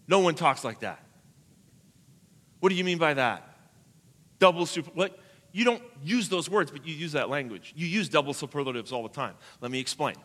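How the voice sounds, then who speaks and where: A man preaching a sermon as pastor, emphatic, swinging between soft and loud. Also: on the high side, big-room sound.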